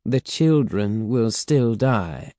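A man reading a storybook and voicing a cruel female witch who speaks quietly, icily and in commands. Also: on the low side, expressive, slow, no echo, studio quality. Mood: cold.

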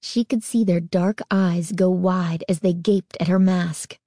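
Woman narrator for a spooky audiobook: unhurried and suspenseful, with a warm, dry close sound. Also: fairly low pitch, no room sound. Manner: expressive, suspenseful storytelling.

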